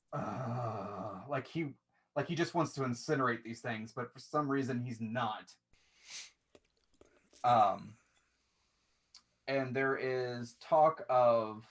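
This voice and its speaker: A man's voice: medium pitch, fairly bright tone. A man narrating as game master in a tabletop game, casual and rambling with fillers.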